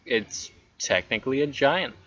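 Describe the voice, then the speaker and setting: A man narrating as game master in a tabletop game, his voice bright and lively, ruling with an easy, casual manner. The recording sounds dull and lo-fi. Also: medium pitch, unhurried, no echo. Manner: casual, laughs between rulings.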